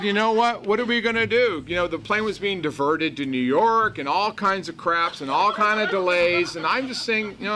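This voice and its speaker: Male speaker, recovery testimony, bright and slightly high, earnest storyteller, faint hiss. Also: moderate pace, few pauses. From Los Angeles. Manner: earnest, animated storytelling with quoted voices. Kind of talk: personal testimony talk.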